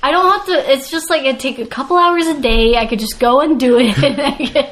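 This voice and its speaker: High-voiced giggly woman, noisy recording. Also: brisk, a bit bright. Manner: playful, giggly, joking. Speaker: podcast co-host. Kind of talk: casual chat.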